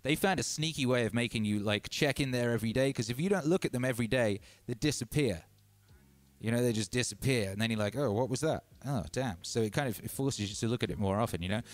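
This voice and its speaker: A man hosting a DJ livestream, chatting casually and rambling between shout-outs to his viewers. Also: mid-range voice, quick pace, no echo. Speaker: DJ and livestream host. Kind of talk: casual livestream chat over music. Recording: loud music playing under the voice.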